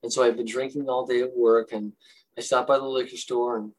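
A man's voice: mid-range voice, level tone, a little fast, slight background noise, rough recording. A man in his fifties or older, a recovering alcoholic, earnestly telling his own story of recovery in a talk. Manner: earnest, confessional, emotional storytelling.

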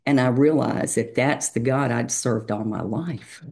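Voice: mid-range voice, measured pace, gravelly, a little mellow, slightly rough. A speaker sharing a personal recovery story in a reflective, hesitant way, with many fillers. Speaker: meeting member sharing. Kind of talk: personal testimony.

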